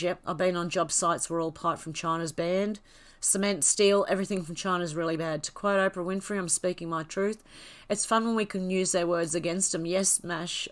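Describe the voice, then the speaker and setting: Chatty woman, low voice. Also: a bit bright. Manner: chatty and candid, with frequent giggles. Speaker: livestream host. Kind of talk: casual livestream, reading viewer chat aloud.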